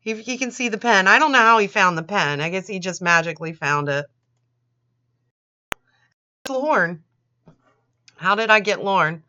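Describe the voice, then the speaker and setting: A woman reads a children's picture book at an unhurried pace, breaking off for sarcastic, foul-mouthed asides and frequent laughter. Her voice is bright and forward, caught on a dull, lo-fi recording. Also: mid-range voice, animated. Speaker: channel host reading a storybook. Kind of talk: mocking read-aloud of a children's book with commentary.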